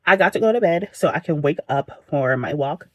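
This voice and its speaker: A woman's voice: deep voice, expressive, moderate pace. A woman recapping a book for her vlog in a casual, dramatic way, peppering the story with slang asides, at home late at night. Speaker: book vlogger.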